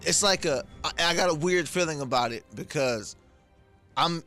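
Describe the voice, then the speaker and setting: Animated comedian guest, bright voice. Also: male voice, on the high side, normal speed, soft background music. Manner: animated storyteller, makes sound effects, slangy. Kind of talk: casual sports talk. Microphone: studio microphone.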